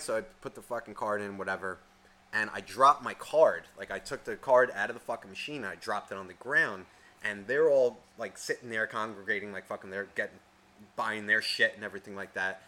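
Swearing, animated man ranting on a podcast. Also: lowish voice, brisk. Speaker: podcast co-host. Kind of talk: casual profane storytelling.

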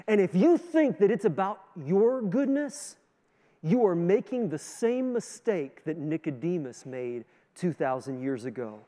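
A Canadian male pastor delivers a sermon in a fairly high voice. He swings between loud, rising emphasis and soft, low asides. The long reverb of a large hall trails behind every phrase. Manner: preaching with strong rises and drops in loudness; sings a hymn line with the congregation.

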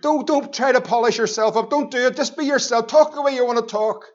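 A male pastor, preaching a sermon with passion, his voice rising to shouts on key lines. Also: very high voice, fairly quick, dull audio.

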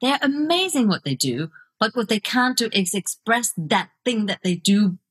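A woman's voice: fairly high pitch, big pitch swings, moderate pace, a bit bright, slightly rough. A middle-aged woman, a video coach and author, speaking as a guest in a podcast interview in an earnest, reflective way. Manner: reflective, earnest, laughs easily.

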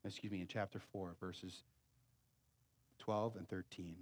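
A man preaching a sermon as pastor, pleading and emphatic, swinging between loud urgent passages and quiet low asides. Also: steady tone, a little slow.

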